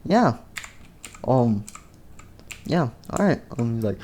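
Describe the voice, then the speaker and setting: A man's voice: mid-range voice, moderate pace, long pauses, mellow. A man casually narrating a game machinima story, rambling and filling gaps with "and stuff" and "like". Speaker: video creator.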